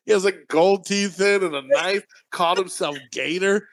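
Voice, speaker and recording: High-voiced guy on a podcast, rattles stuff off fast and drops half his words, does little voices. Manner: fast-talking, skips words; acts out characters' lines while retelling. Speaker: podcast co-host. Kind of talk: casual chat.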